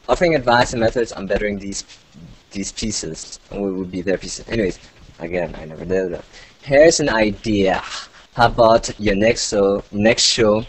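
A man's voice: fairly low pitch, a little hiss or hum, low-quality recording. A male podcast host reading out listener email in casual chat, interrupting himself with asides, often sounding sarcastic without meaning to.

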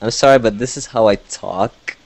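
Mumbling low-voiced man hosting a podcast. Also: moderate pace, vocal fry. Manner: mumbling, jokey, often laughing. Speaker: podcast host. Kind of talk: casual podcast chat reading listener emails. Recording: lo-fi voice over internet call.

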